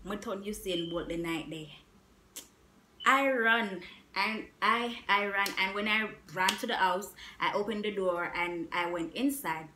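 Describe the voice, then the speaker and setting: A young woman vlogger telling a story in a casual, animated way, repeating herself with emphatic asides. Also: mid-range voice, unhurried, a little hiss or hum. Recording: echoey room.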